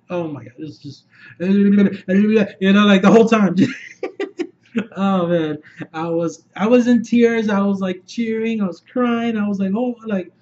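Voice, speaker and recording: Brief: high-voiced, hyped man, rambling and swearing, muffled lo-fi audio. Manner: excitable, rambling, heavy swearing. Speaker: movie reviewer. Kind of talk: unscripted video review.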